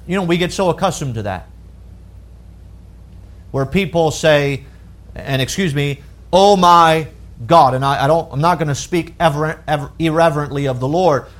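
A man preaching a sermon, emphatic, often rising in force as he stresses a point and reading scripture aloud. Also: a little high. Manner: reads scripture in old-fashioned wording.

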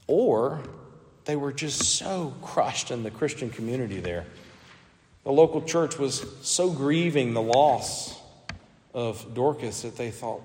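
A man's voice: mid-range voice, animated, takes it slowly, darkish tone, big-room sound, slight background noise. A man preaching a sermon as pastor, earnest, with frequent restarts and emphatic peaks.

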